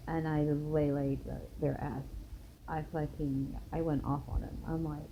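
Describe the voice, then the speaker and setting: A woman's voice: deep voice, level tone, unhurried, warm tone. A woman in her thirties telling a personal story in a casual, blunt and profane way, with a lot of emphasis. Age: 30s. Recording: dull lo-fi recording, faint hiss.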